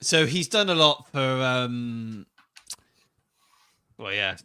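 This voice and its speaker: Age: adult. Sex: man. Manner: animated, joking. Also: mid-range voice, takes it slowly, clean tone. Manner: rambling, joking, animated storyteller. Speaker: podcast co-host. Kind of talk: casual wrestling chat.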